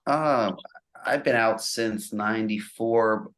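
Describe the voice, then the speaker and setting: A middle-aged man from the New Jersey and New York area speaks in a low, relaxed voice. He chats casually as a podcast guest, laid-back and sarcastic. He laughs easily between his stories. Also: slow pace. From New Jersey and New York area, USA. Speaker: guest musician.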